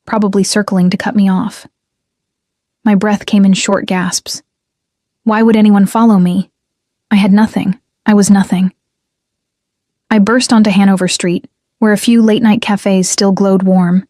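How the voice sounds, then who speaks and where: Young woman reading a story out loud, real flat even delivery, dry close mic. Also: mid-range voice, no echo. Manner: measured, even, restrained. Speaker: narrator. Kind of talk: scripted first-person story narration.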